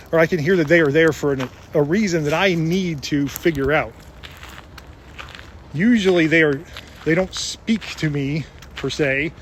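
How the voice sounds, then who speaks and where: A man's voice: a little high, slight background noise. A man giving an earnest, casual religious talk, retelling Bible stories with frequent restarts. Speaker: religious speaker.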